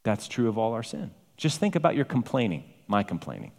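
A man's voice: on the low side, sing-song, brisk, vocal fry, darkish tone. A man preaching a sermon with emphatic, varied delivery, rising to exclamations. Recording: long hall reverb.

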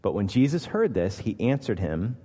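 A man's voice: lowish voice, very animated, normal speed, warm tone, husky. A man preaching a sermon as pastor, emphatic and posing rhetorical questions to his listeners. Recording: long hall reverb.

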